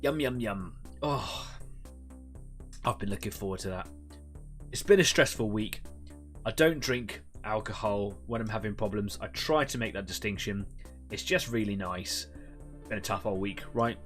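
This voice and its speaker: A man hosting a live painting stream, chatting in a relaxed, rambling way to viewers while he works. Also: on the low side, moderate pace, pauses often, soft background music. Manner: chatty, rambling, self-deprecating. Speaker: host of an online painting club stream. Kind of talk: casual live-stream chat.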